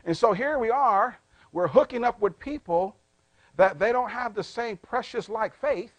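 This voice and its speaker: High-voiced man preaching with call-and-response. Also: unhurried, dry recording. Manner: call-and-response questions to the congregation; wide swings in loudness and pitch. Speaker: pastor. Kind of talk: sermon.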